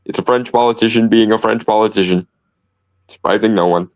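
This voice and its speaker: A man's voice: on the low side, steady tone, brisk, poor audio. A man co-hosting a podcast in casual commentary, sardonic and wordy, often restarting phrases. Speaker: podcast co-host.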